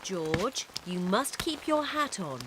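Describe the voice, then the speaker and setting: A woman's voice: mid-range voice, big pitch swings, slow, heavy background noise. An actress voicing a patient, caring mother pig in a children's cartoon.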